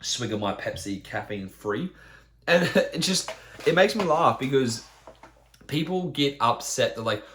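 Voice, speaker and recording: A man's voice: medium pitch, sing-song, normal speed, a bit bright. A man, a fitness trainer, ranting bluntly on his podcast with lots of swearing and rhetorical questions.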